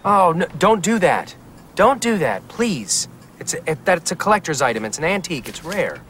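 Un homme tatillon et exaspéré qui sermonne un collègue et répète ses phrases avec insistance. La voix est un peu aiguë, avec un léger bruit d'ambiance derrière. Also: male voice, on the high side, very animated, normal speed, a bit bright, a little hiss or hum. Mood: exasperated. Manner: insistent, lecturing, repeats himself. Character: fussy, exasperated man scolding a coworker. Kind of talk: film dialogue.

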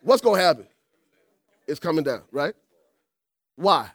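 Animated high-voiced preaching man. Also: unhurried, no room sound. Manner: call-and-response preaching, animated. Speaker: pastor. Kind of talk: sermon.

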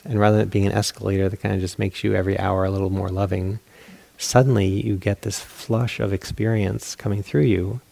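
A man's voice: fairly low pitch, gravelly, darkish tone. A meditation teacher giving a dharma talk, telling a story with candid, self-mocking humor and acting out his own inner voices. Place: meditation hall.

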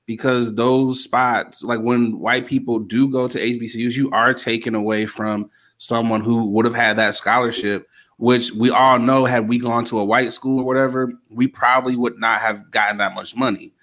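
A man's voice: medium pitch, level tone, normal speed, fairly bright tone. A young man co-hosting a casual podcast chat, telling laid-back stories and swearing casually. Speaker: podcast co-host.

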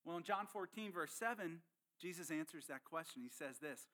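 A pastor delivers a sermon with earnest, emphatic teaching. His voice is bright and forceful. It sits somewhat higher than most men's. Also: lively intonation, normal speed.

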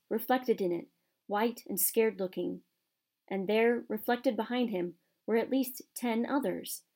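A woman narrating a storybook in a soft, measured, hushed way. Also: a little high. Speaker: audiobook narrator.

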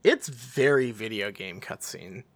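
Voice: mid-range voice, expressive, a little slow, fairly bright tone, breathy edge, dry recording. Podcast host rambling through a book chat, lots of "like", voice jumps all over, dead dry mic. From England. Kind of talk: casual book-discussion chat.

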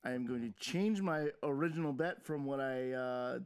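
A man's voice: medium pitch, normal speed, smooth. A man co-hosting a casual chat show, talking playfully and building up suspense before his picks. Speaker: podcast co-host.

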